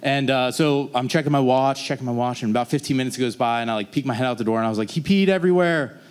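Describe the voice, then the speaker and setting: A young man telling a rambling personal story on stage at a live story slam, jumping up in pitch when he acts out his own past lines. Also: rapid-fire, smooth. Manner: rambling, animated, plays out his own past dialogue in a raised voice.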